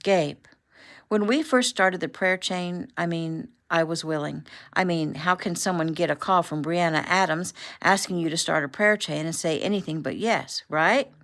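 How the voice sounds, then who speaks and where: A woman voicing an excitable, emotional woman journalist who squeals and gushes as she talks. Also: on the low side, moderate pace. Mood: gushing.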